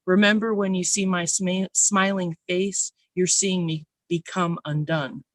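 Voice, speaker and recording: A nervous open mic poet giving an intense, raw spoken word reading, slowing down on emphatic phrases. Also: mid-range voice, level tone, a bit bright, no room sound. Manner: nervous, first time reading for strangers.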